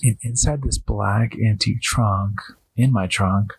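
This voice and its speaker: A man hosting a podcast, telling a story in an animated way, acting out what people said and filling his talk with "like". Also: lowish voice, a little slow, husky. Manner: animated, acts out quotes, heavy use of "like". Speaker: podcast host. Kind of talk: storytelling monologue.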